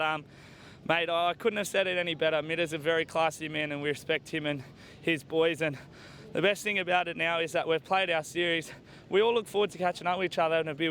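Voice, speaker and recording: Male captain, slightly high voice, easygoing, faint outdoor rumble. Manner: relaxed, friendly, says mate often. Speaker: team captain. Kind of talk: post-match interview.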